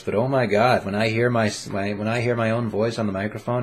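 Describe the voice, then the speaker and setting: A young male vlogger talks quickly into a desk condenser mic in his room, where a webcam is set up. His voice sits a bit low as he rambles playfully, pokes fun at himself and keeps restarting sentences. Slight background noise can be heard.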